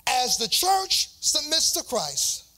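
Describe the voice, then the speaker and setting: A man's voice: extremely high pitch, huge pitch swings, slow, sharp tone. A man preaching a sermon as pastor, in a sing-song cadence with repeated phrases.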